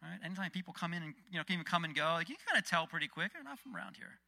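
Man, preacher, casual sermon, very bright tone, slightly high voice. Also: very fast. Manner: conversational, animated, frequent restarts. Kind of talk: casual sermon with Bible reading.

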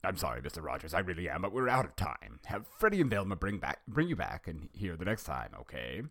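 A man reading the lines of a polite, fussy middle-aged male psychiatrist in a measured way, from fan fiction. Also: sits low, sing-song, a bit bright, no echo, heavily acted.

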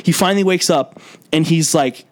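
A man hosting a podcast, recapping a film plot in casual, profane, animated chat. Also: on the high side, moderate pace. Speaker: podcast host.

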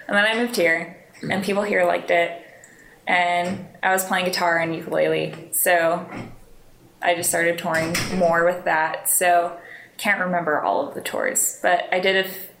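A woman's voice: on the low side, gravelly, a bit bright, a little hiss or hum. A young woman telling stories in a casual interview, rambling and self-deprecating, laughing often. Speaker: interview guest, musician. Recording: roomy, echoey room.

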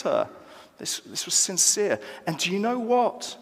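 Male pastor, lively sermon delivery with acted-out dialogue, slightly high voice, echoing church hall. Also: measured pace. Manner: animated, acts out dialogue with rising emphasis.

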